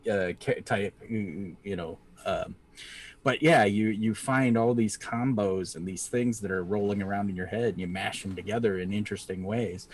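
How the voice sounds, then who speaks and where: A man co-hosting a casual live-streamed chat, talking in a rambling, playful way and often breaking into laughter. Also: fairly low pitch. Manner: rambling and playful, often laughing and acting out little character voices. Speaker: podcast co-host.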